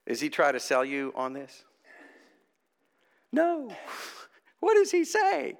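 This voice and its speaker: A man preaching a conversational sermon, asking the congregation rhetorical questions and talking in an animated way. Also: sits high, a little slow, pauses often. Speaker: priest.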